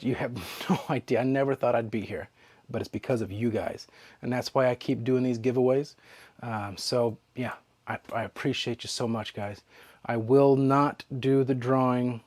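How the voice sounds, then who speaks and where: A man hosting a knife sharpening channel, talking casually to his viewers in a relaxed, chatty way while he works. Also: mid-range voice, no room sound. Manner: relaxed and chatty, with fillers and trailing asides. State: hiccups. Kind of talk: casual demo talk to camera.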